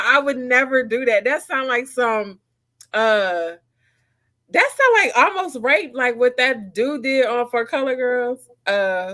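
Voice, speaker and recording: A woman co-hosting a casual talk show, her voice sitting a touch high. She speaks bluntly and with emphasis. She laughs easily between points. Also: fairly bright tone. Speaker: podcast co-host. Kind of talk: casual chat.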